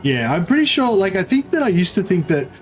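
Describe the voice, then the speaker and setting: A man's voice: sits high, very animated, brisk, soft background music. Rambling Australian man streaming. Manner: rambling, full of "like" fillers and restarts. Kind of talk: casual gaming livestream chat.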